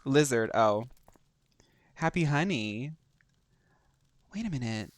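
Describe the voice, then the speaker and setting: A man's voice: mid-range voice, measured pace, long pauses. A young man streaming a video game, reacting with sassy, campy banter and playful teasing. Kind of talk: live game stream commentary.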